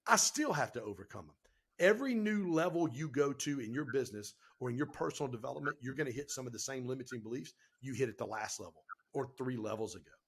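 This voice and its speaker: A man telling stories on a podcast as the guest, animated and emphatic, with casual slang. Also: mid-range voice, fast talker, a little hiss or hum. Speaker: guest entrepreneur and speaker. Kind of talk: energetic podcast storytelling.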